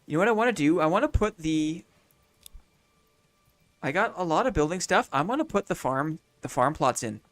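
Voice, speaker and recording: A man's voice: a little high, animated, moderate pace, long pauses, a bit bright. A man streaming a city-building game, thinking aloud in casual commentary, repeating his own phrases and chatting to viewers between moves.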